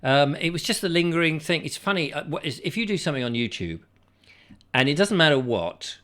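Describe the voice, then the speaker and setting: A man's voice: on the high side, animated, a little fast, a bit bright. A middle-aged man hosting a casual chat show, rambling and reading viewer comments aloud. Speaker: host.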